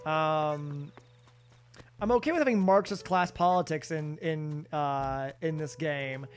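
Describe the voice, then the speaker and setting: A man's voice: on the high side, slow, smooth, soft background music. Rambling man streaming a game. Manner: rambling, self-deprecating, answers chat. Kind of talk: casual live-stream chat while gaming.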